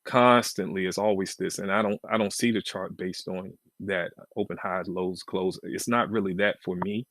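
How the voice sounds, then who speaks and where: A man's voice: low voice, fairly even intonation, moderate pace, no echo. A man teaching futures trading on a live question-and-answer stream, talking casually and repeating his phrases as he thinks aloud. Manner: casual, repeats and restarts phrases, emphatic swings in loudness. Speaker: trading educator.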